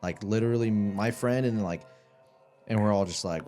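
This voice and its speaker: A man's voice: on the low side, moderate pace, music in the background. A young man in casual podcast chat, rambling and swearing with lots of fillers. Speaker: podcast guest.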